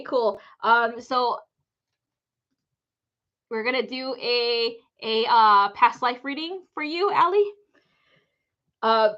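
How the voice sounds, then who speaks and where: A woman's voice: a little high, fairly bright tone, highs cut off. A woman hosting a live psychic reading stream, telling rambling stories in casual chat, laughing often and swearing freely.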